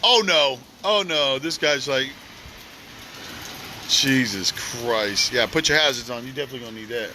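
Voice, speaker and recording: A man from Oklahoma with an Oklahoma accent, livestreaming outdoors by a flooded street at night, giving loud, joking commentary full of slang. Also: medium pitch, fast talker, few pauses, background noise. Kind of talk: casual live commentary.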